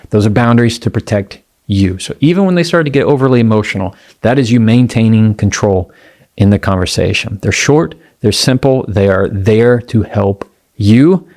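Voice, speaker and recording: A man giving a motivational talk on communication, speaking in a calm, measured way and repeating his key phrases. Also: fairly low pitch.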